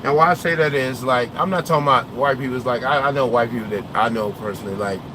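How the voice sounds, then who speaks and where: Over a noisy background, a young man with a medium-pitched voice talks at a quick pace from his truck cab. A trucker vlogger, he casually rambles through viewer comments with strong opinions, occasionally losing his thread.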